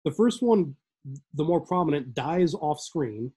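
A man co-hosting a podcast, talking about movies in casual chat with wry, deadpan remarks. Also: on the high side, measured pace, breathy edge, low-quality recording. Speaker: podcast co-host.

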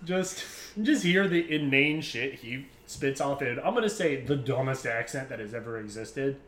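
Male co-host from Maryland, bright and lively voice, jokey riffing delivery, roomy echo. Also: mid-range voice, moderate pace, a little hiss or hum. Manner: joking, riffing on absurd bits. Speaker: podcast co-host. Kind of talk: casual chat.

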